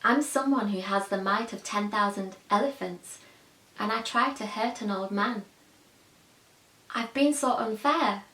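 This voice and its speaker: A woman voicing a hot-tempered, boastful young prince who shouts when he is cross, in an echoey room. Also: mid-range voice, unhurried. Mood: remorseful. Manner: shouting, indignant.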